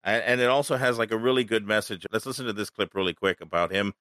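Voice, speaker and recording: A man's voice: fairly low pitch, fairly even intonation, quick pace, a bit bright, dry recording, clean studio sound. A man hosting a podcast, chatting casually and upbeat about radio clips. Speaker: podcast host.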